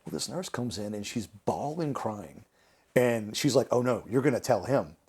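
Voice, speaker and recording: A man, a podcast guest telling stories in a relaxed, conversational way. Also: lowish voice, moderate pace, slightly rough. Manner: animated, laughing through anecdotes, acting out quotes. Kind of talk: conversational storytelling.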